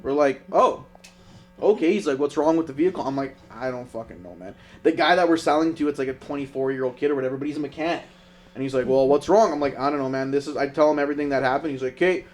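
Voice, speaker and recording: A man's voice: on the high side, fast talker. A young man, a podcast co-host, telling a profane road story in casual chat. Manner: profane, animated anecdote telling.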